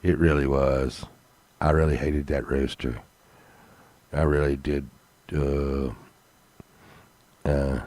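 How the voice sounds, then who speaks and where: Man, slow drawl, halting comic storyteller, many fillers and restarts. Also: very deep voice, little pitch movement, darkish tone, slight background noise. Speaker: comedy podcast host.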